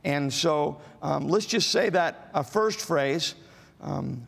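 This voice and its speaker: Male pastor, gravelly, slow, halting sermon delivery, echo of a large church hall. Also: a little high, expressive, a bit bright. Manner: slow, halting delivery with many fillers, rising to emphatic repetitions. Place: church auditorium. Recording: large hall with long reverb.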